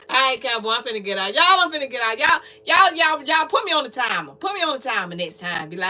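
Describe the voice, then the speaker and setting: A woman's voice: high-pitched, fast. A middle-aged woman, talking casually to her livestream viewers and lecturing them in a repetitive, preachy way. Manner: preachy, lively, repetitive, talks straight to viewers. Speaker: livestream host.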